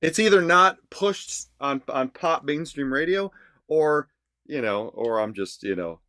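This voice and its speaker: A man's voice: a little high, lively intonation, unhurried, bright, forceful tone, no echo, clean studio sound. A man, a songwriter co-hosting a podcast, chatting casually in a rambling, self-deprecating way with many restarts. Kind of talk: casual music reaction chat.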